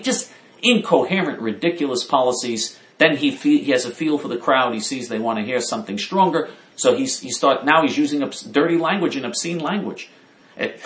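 Indignant man ranting in an echoey room. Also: mid-range voice. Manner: indignant, emphatic, repeats himself. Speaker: political commentator. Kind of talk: opinionated political commentary.

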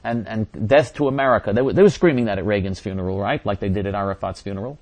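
A man's voice: lowish voice, quick pace, few pauses, a little mellow. A man hosting a talk show, answering listener messages in a rambling, sarcastic way with frequent restarts.

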